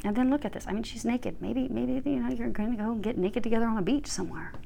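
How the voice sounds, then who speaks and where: A woman's voice: a little high, fast talker, creaky, mellow, slight background noise. A woman giving a casual spiritual tarot reading, chatty and earnest, laughing often and swearing offhandedly. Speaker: tarot reader.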